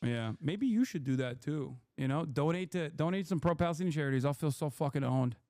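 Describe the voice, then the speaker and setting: A slightly hoarse man hosting a livestream, talking bluntly and profanely in casual, heated commentary. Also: a little high, lively intonation, a little fast, a little mellow, no echo, studio quality. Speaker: livestream host.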